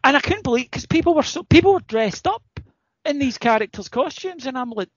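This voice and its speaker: A Scottish man, a podcast co-host, telling a story in casual chat, animated and full of swearing and quoted back-and-forth. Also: very high-pitched, fairly quick, no echo, dull audio. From Scotland.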